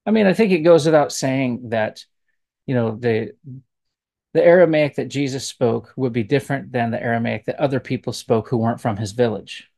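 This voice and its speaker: A man, a professor, giving casual spoken commentary on language, relaxed and thinking aloud as he digresses. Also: medium pitch, moderate pace, creaky.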